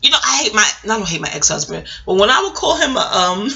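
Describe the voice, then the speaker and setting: A woman's voice: mid-range voice, very animated, quick pace, gravelly, sharp tone, lo-fi sound. A middle-aged woman vlogging in a casual, rambling way, digressing, laughing often and swearing freely.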